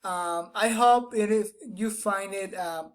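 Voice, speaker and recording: A woman's voice: medium pitch, slow pace. A woman teaching English pronunciation who demonstrates each sound aloud, often restarts phrases with "I mean", and keeps checking in with "right?" and "you know?". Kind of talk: explanatory phonetics lesson.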